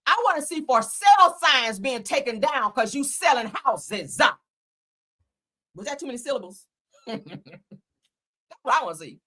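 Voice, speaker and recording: A woman's voice: sits high, big pitch swings, moderate pace, pauses often, bright, forceful tone. A woman hosting her own channel, giving a blunt, profane and heated rant about a reality TV show, full of sarcasm and repeated lines. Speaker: host. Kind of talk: ranting reality TV commentary.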